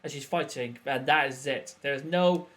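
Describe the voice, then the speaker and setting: A man's voice: medium pitch, moderate pace, a bit bright. A British man in his thirties co-hosting a podcast, bantering bluntly in casual chat. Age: 30s. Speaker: podcast co-host.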